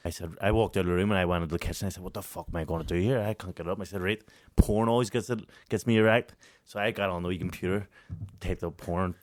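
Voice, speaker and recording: This thirty-something Northern Irish podcast co-host speaks in a low voice at a quick pace while telling a story in easygoing chat. He swears a great deal, keeps the energy up, and laughs frequently.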